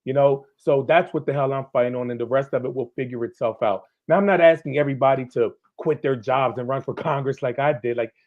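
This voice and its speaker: A man's voice: medium pitch, quick pace, hardly any pauses, narrow, tinny audio. A man, a former police officer appearing as a guest, speaking candidly and with passion, swearing as he gets worked up. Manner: candid, fired up, swears freely. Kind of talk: impassioned livestream conversation.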